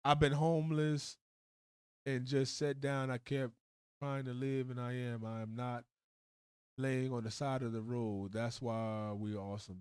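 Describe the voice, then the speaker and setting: A man's voice: medium pitch, clear, resonant tone, no echo, clean studio sound. A man hosting a live stream, giving blunt, heated commentary full of swearing. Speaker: livestream host. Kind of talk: profane live commentary rant.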